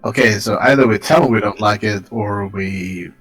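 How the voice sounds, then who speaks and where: A man with a slightly low voice chats casually as a guest on a game playthrough, tossing in dry jokes. Faint music sits behind him. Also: moderate pace, a bit bright, breathy edge. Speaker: co-player guest. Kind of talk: casual chat over a game.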